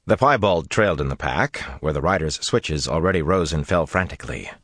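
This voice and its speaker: A man narrating a fantasy audiobook with expressive, dramatic delivery. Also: very deep voice, brisk, breathy edge, no echo, studio quality.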